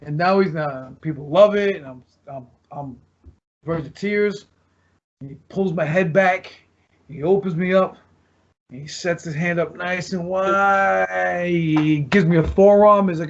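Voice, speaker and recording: A man's voice: on the high side, unhurried. A former pro wrestler telling locker-room stories in casual chat, rambling and restarting as he acts out what others said. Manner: rambling, restarts often, acts out quoted lines. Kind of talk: casual storytelling. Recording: dull lo-fi podcast audio.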